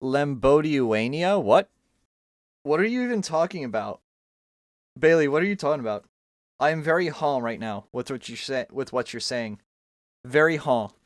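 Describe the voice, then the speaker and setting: A young man talks into a desk mic at home, rambling and joking as he draws on a stream. His voice sits at a middle pitch and sounds dry and close, with no room around it. He keeps poking fun at himself as he goes. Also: lively intonation, moderate pace, long pauses, no room sound. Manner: rambling, joking, self-mocking. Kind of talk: casual chat while drawing.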